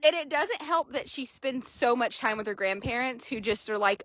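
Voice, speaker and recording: A young woman horse trader chatting casually outdoors at an arena, quick and loose, swearing now and then. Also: on the high side, lively intonation, fairly bright tone, no echo. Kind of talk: casual narration while riding.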